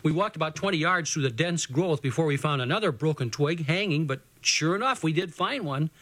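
A man's voice: on the high side, animated, brisk, fairly bright tone. A man reading a children's adventure story aloud in a folksy first-person voice, as the show's storyteller.

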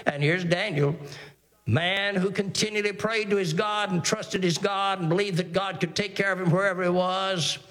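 A man preaching a sermon, reading scripture in a measured cadence and driving points home with repeated phrases and rhetorical questions. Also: a little high, fairly bright tone, long reverb tail.

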